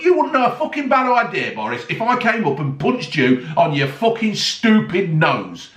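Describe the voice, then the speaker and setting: Man, angry sweary rant, high animated voice, roomy echo, a bit off-mic. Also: moderate pace, recorded from a distance. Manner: sweary, sarcastic, heated. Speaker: vlogger. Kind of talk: angry ranting monologue.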